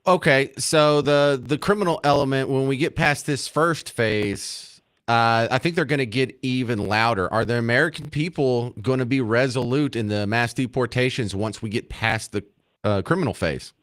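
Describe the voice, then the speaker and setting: A man's voice: medium pitch, moderate pace, a bit bright. A man hosting a talk radio show, firing off sarcastic rhetorical questions at a guest and listeners. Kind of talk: conservative talk radio chat.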